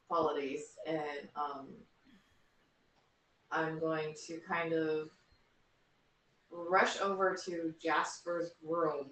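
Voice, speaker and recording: A woman reasons slowly through her choices at a tabletop game. She sits away from the mic in a roomy space, with a faint hiss of noise underneath. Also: low voice, fairly bright tone, distant mic. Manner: hesitant, thinking aloud. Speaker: player. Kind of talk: casual tabletop play.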